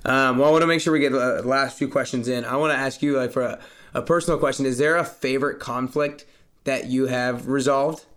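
A male podcast-style host with a mid-pitched voice, eager and quick to react. He asks his questions in a loose, halting way, restarting phrases as he goes. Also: steady tone, a bit bright. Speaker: interview host. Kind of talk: conversational interview.

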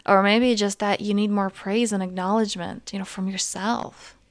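A woman in her thirties hosting a podcast as a coach, talking gently and earnestly in a casual self-help monologue. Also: medium pitch, steady tone, normal speed, no echo. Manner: gentle, earnest, talks through examples.

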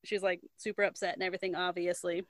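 A woman's voice: on the low side, little pitch movement, fast talker, no room sound. A woman casually retelling the plot of a novel in a rambling way, full of fillers and the odd swear word.

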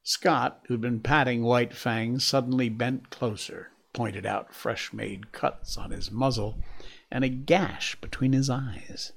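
A man narrating a classic adventure novel in a deliberate storytelling manner. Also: medium pitch, fairly even intonation, vocal fry, husky. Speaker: audiobook narrator.

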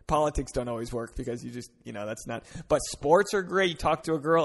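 A man's voice: medium pitch, fairly quick, creaky, hardly any pauses. A man in his thirties from Rhode Island, a stand-up comedian hosting a solo podcast, talking casually and profanely and acting out pickup lines. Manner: profane, animated, acts out bar pickup lines.

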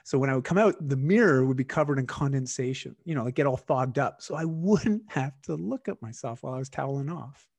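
A man's voice: mid-range voice, expressive, fairly quick, creaky, hardly any pauses, darkish tone, dry recording. Candid man telling a personal story. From Canada. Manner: candid, reflective, many restarts and fillers.

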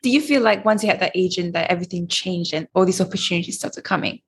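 A woman interviewing a guest, asking calm, measured questions. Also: fairly low pitch, gravelly, breathy edge.

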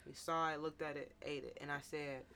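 A woman's voice: deep voice, fairly quick. A woman hosting a podcast, chatting casually and laughing often as she tells stories. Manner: animated, laughs often, repeats words. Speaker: podcast host. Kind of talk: casual chat.

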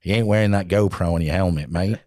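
A man's voice: sits low, fast, mellow, dry recording, clean studio sound, natural voice. A man voicing his blunt male flight instructor with an Australian accent. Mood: stern. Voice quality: blunt, says mate a lot.

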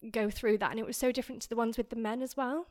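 A woman's voice: a little high, steady tone, rapid-fire. A woman co-hosting a podcast, talking through an emotional story with lots of "like" and close to tears. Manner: tearful, filler-heavy storytelling. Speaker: podcast co-host.

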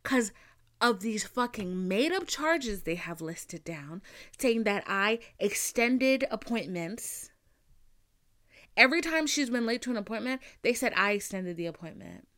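A woman's voice: mid-range voice, a little slow. A young woman podcast host telling a story in a casual, blunt, profane rant, acting out the other people's lines as she goes. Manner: blunt, profane, animated retelling with mimicked quotes.

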